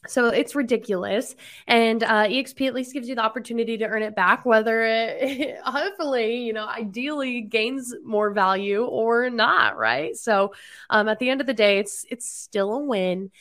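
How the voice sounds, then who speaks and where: A woman's voice: a little high, moderate pace, a bit bright. A woman hosting a podcast interview in an upbeat way, asking leading questions. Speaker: podcast host. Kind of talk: casual interview talk.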